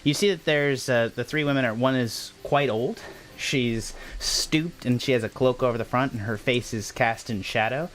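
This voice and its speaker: A man's voice: mid-range voice, moderate pace, a bit bright, a little hiss or hum. A man running a tabletop horror game on a live stream, talking casually, apologizing often and restarting his sentences. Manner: rambling, apologetic, lots of restarts. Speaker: game master.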